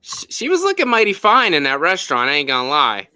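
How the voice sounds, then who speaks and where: A man hosting a casual spoiler review, talking animatedly and cursing often. His voice is very bright, his pitch swings a lot, and the sound is dry and close. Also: quick pace, dry recording. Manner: animated and profane, with lots of fillers. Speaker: podcast host.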